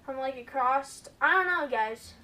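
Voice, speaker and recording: A woman hosting a gaming video, giving excitable gameplay commentary and often calling out to her viewers. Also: sits high, a little slow, recorded from a distance. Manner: excitable, keeps addressing viewers as "guys".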